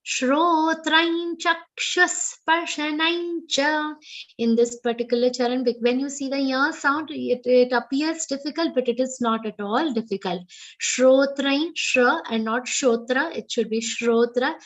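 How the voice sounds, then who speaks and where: A woman with an Indian English accent teaching Sanskrit pronunciation in an online class, chanting verses slowly and correcting each sound precisely. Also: a little high. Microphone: online video call.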